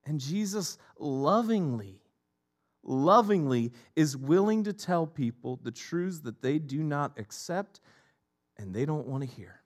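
A man's voice: fairly high pitch, expressive, unhurried. A middle-aged man preaching a sermon as a pastor, emphatic and repetitive in his delivery.

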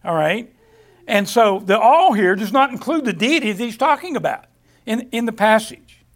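High-voiced man teaching from scripture. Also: lively intonation. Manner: halting, repeats words, reads scripture aloud. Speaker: preacher. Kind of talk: Bible study sermon.

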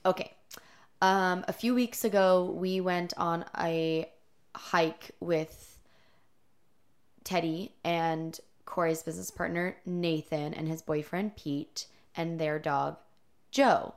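A woman's voice: fairly low pitch, fairly even intonation, slow. A young woman co-hosting a casual podcast, telling a story and laughing often. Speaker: podcast co-host. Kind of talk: casual chat.

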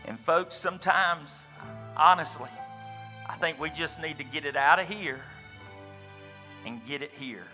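A man's voice: fairly high pitch, measured pace, pauses often, big-room sound, over music. A man preaching a sermon as pastor, telling a story with quoted dialogue and folksy asides. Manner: storytelling, retelling another man's account with quoted dialogue.

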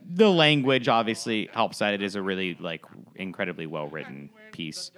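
A man's voice: low-pitched, normal speed, a bit bright. A man co-hosting a podcast in casual chat, enthusiastic and rambling. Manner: enthusiastic, rambling, with lots of fillers. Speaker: podcast co-host.

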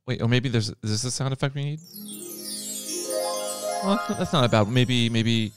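A man's voice: medium pitch, animated, normal speed, over music. Playful rambling podcast host, man. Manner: playful, teasing, rambling with restarts. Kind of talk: casual chat.

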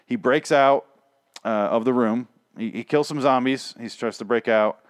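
A man's voice: medium pitch, moderate pace, no room sound, studio quality. Sarcastic, rambling man recapping episodes. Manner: sarcastic, rambling, heavy swearing. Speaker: show reviewer. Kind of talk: casual profane episode recap.

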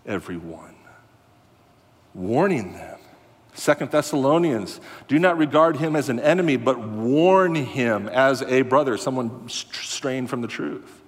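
A man preaching a sermon as a pastor, earnest and animated, rising to loud emphasis and dropping to quiet asides. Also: mid-range voice. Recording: long hall reverb.

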